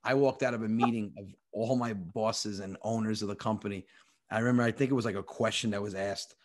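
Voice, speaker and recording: A man, a comedian, telling a personal story with animated, profane energy. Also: fairly low pitch. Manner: animated, profane, quick-talking. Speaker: comedian guest. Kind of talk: comic storytelling.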